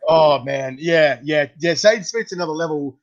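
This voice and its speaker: A man's voice: a little high, moderate pace, lo-fi sound, background noise. A man hosting a casual chat, telling stories with animation and frequent laughter. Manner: animated storyteller, laughs often. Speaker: host.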